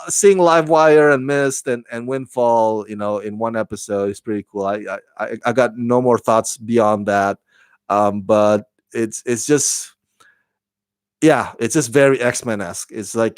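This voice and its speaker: A man talks through a TV episode review in a loose, rambling way, stopping and restarting often. His voice sits at a middle pitch. The sound is dry and close, with no room echo. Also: smooth. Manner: rambling, with many fillers and restarts. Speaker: TV show reviewer.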